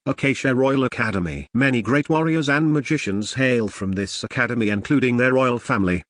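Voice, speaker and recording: A man's voice: medium pitch, a bit bright, no echo, clean studio sound. A man narrating a fantasy audiobook with literal, oddly phrased reading.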